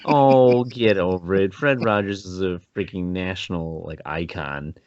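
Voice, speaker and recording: Male podcast co-host, lowish voice, rambling and self-mocking, dry and slightly dull sound. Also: measured pace, darkish tone, no room sound. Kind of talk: casual film-review chat.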